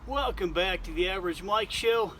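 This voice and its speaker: A man hosting his own vlog in a casual, halting way, with a congested, nasal voice and many fillers. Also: high-pitched, fairly bright tone, slight background noise. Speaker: vlog host.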